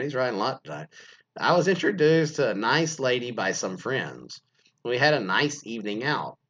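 Lively husky man riffing crudely. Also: mid-range voice, highs cut off. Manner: crude, joking, rambling, laughs often. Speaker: podcast host reading anonymous stories. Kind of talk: casual comic commentary.

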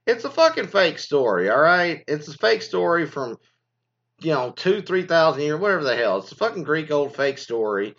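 A man ranting in a casual, rambling commentary, cursing freely as he goes. His pitch swings widely from mutters to high outbursts. The recording sounds dull and lo-fi. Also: very animated, normal speed. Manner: profane, rambling, swings loud and low.

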